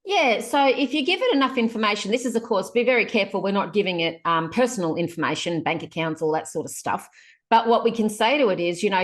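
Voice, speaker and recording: A woman speaks as a guest on a podcast, chatty and colloquial. Her voice sits in a middle pitch. She talks easily and in a lively way. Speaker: guest, productivity author. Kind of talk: casual podcast chat.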